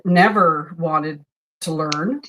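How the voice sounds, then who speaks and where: A woman's voice: sits low, slow, fairly bright tone, a little hiss or hum. A woman in her sixties hosting a sewing stream, chatting in a storytelling way while she works. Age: 60s. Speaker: host. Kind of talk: casual chat while sewing.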